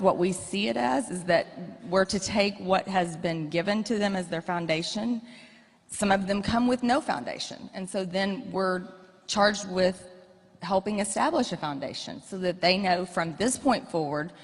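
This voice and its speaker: A middle-aged woman telling candid, self-mocking stories as a guest in an onstage interview. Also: medium pitch. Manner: blunt, self-mocking, animated storytelling. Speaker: guest speaker. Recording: long hall reverb.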